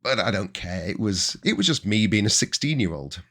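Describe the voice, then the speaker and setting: A man's voice: fairly low pitch, normal speed. A man in his forties with a Yorkshire accent, hosting his own podcast and telling chatty stories from his working life in a casual way. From Yorkshire, England. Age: 40s. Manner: chatty and anecdotal, with bursts of excited emphasis. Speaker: podcast host. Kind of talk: casual storytelling monologue.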